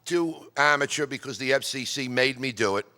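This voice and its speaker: A man's voice: medium pitch, moderate pace, sharp tone. A middle-aged man from New York giving a chatty, digressive talk about amateur radio and telling stories at a club meeting. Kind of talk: casual storytelling talk. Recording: long reverb in a hall.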